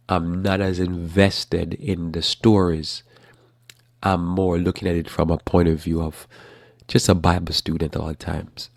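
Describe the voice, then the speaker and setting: Deep gravelly man musing on the news. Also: dry recording, studio quality. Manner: rambling with restarts, flat matter-of-fact delivery. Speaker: host. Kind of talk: casual religious current-events commentary.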